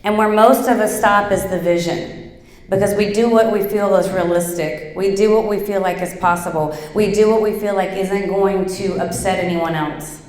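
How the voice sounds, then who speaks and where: A middle-aged woman giving a motivational workshop talk, telling stories in an animated, chatty way with lots of fillers. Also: medium pitch, moderate pace. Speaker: workshop speaker. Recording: echoey hall.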